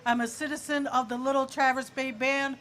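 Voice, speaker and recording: A woman from Michigan leading loud protest chants and speaking at an outdoor rally. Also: high voice, little pitch movement. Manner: leads loud chants, then speaks quickly.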